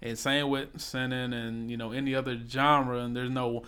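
A man with a voice of middle pitch talks in a relaxed, easygoing way. His voice is smooth and clear. He often fills his sentences with "you know". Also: moderate pace. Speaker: podcast co-host. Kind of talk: casual chat.

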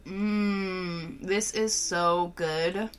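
A woman co-hosting a casual chat, playful and quick to laugh, swearing freely while tasting a beer. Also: lowish voice, steady tone, clear, resonant tone.

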